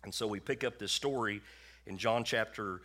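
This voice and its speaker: Forceful low-voiced male preacher. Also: normal speed. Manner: folksy, conversational preaching with repetition. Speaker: pastor. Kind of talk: sermon. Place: church sanctuary with a congregation.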